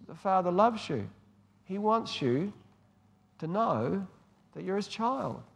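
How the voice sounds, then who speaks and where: A man's voice: fairly high pitch, gravelly. Man preaching in a reverberant hall. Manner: warm storytelling, swings between hushed and emphatic. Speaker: pastor. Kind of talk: sermon.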